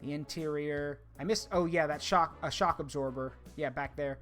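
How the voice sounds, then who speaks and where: A man's voice: a little high, steady tone, moderate pace, a bit bright, soft background music. A man streaming a game, chatting casually with his viewers as he works. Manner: chatty, talks to chat while working, hums tunes. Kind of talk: casual gameplay commentary.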